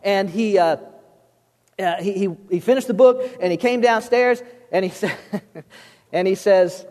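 A man's voice: sits high, measured pace, darkish tone, in a large hall. A man preaching a sermon as pastor, conversational and humorous, repeating words as he goes.

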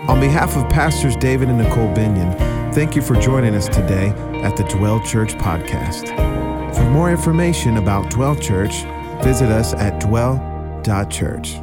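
A man reading a podcast introduction in a calm, measured announcing voice. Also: on the low side. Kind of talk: scripted podcast intro over music. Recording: voice over loud guitar music.

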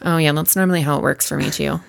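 A woman co-hosting a casual podcast, talking about reality TV in an animated, exasperated way and swearing freely. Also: low-pitched, quick pace, gravelly. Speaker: podcast co-host. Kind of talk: casual reality-TV recap chat.

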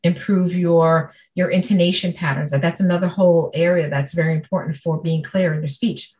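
A woman's voice: fairly low pitch, fairly even intonation, brisk, darkish tone. A woman who is a speech-language pathologist, patiently explaining her work in casual conversation.

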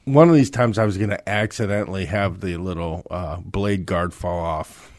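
Male co-host, low pitch, dry sound, relaxed and agreeable. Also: normal speed, no echo. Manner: laid-back agreeable replies. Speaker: podcast co-host. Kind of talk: casual chat.

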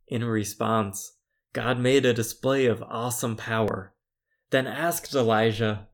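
Male preacher, sermon, slow unhurried delivery, mid-pitched voice, measured storytelling. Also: fairly even intonation.

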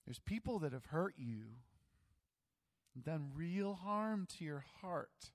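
Animated male pastor in a reverberant hall. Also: fairly high pitch. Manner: animated, acts out voices and jokes about himself. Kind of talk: sermon.

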